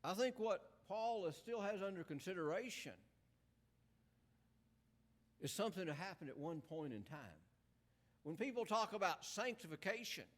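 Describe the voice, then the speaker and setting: Lively, high-voiced male preacher. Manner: earnest, emphatic, with rhetorical questions. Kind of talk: sermon.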